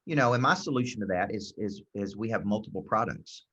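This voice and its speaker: A man with a low, husky voice coaches salespeople in an emphatic, motivational style, hammering home his key phrases. The recording sounds dull and lo-fi. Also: fairly quick, fairly bright tone.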